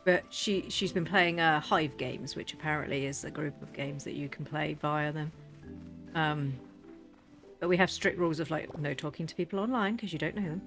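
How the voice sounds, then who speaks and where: Chatty British mum, low voice. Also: female voice, a bit bright. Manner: rambling, chatty, quick to laugh. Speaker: gaming vlogger. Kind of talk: casual chat over gameplay. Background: faint game music.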